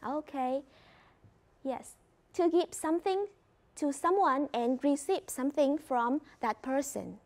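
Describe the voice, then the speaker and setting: A woman with a Vietnamese accent leads an English reading lesson, her voice sitting high. She explains words clearly and instructively, prompting students and checking answers step by step. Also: takes it slowly, a little mellow. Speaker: English teacher. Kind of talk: classroom lesson.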